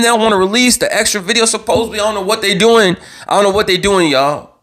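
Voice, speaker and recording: A young man hosting his own live show, giving impassioned commentary in a heated, worked-up voice, repeating himself and stumbling over restarts as he gets louder. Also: high-pitched, a little fast. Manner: heated, repetitive, stammering restarts, rising to near-yelling. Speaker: vlog host.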